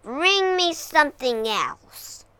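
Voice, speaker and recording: A woman's voice: big pitch swings, takes it slowly, bright, forceful tone, no room sound, exaggerated voice. A woman voicing a huge greedy male dragon in a storybook reading, snarling and threatening. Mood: disgusted. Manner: snarling, threatening, low and gloating.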